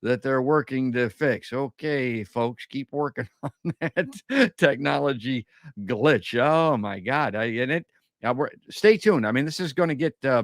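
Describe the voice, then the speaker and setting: A man hosting a call-in podcast, chatty and informal as he reads the news and talks to his listeners. His voice sits at a middle pitch. The sound is dry and close, with no room in it. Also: no echo. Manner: chatty, addresses listeners as folks, many uhs. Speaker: podcast host. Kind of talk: live call-in podcast, reading news and commenting.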